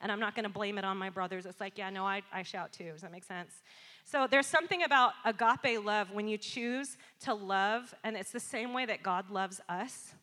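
A woman in her thirties preaching a sermon, telling a personal story with animated, acted-out moments and quiet, earnest asides. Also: mid-range voice, moderate pace. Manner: animated storytelling, acts out shouting and quiet apologies. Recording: long hall reverb.

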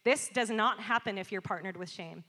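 A woman in her thirties preaching a sermon, telling a personal story with animated, acted-out moments and quiet, earnest asides. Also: mid-range voice, normal speed. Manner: animated storytelling, acts out shouting and quiet apologies. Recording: long hall reverb.

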